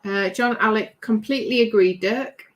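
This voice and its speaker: A British woman with a slightly raised pitch hosts a relaxed livestream from her craft bench. She reads out viewer comments and chats on in a rambling way, laughing easily. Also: moderate pace, slight background noise. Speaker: livestream host. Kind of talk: casual chat reading viewer comments.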